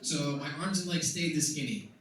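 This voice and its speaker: A young man doing a stand-up set in a comedy club, telling wry stories that burst into loud exasperation. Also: on the high side, moderate pace. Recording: echoey club recording from a distance, loud noise. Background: audience laughter.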